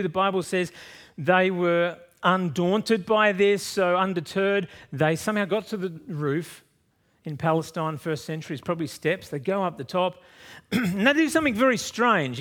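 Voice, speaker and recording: Aussie pastor preaching, storytelling, goes loud then drops quiet, voice a bit high. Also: male voice. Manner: lively storytelling, swings from loud to soft. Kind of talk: sermon.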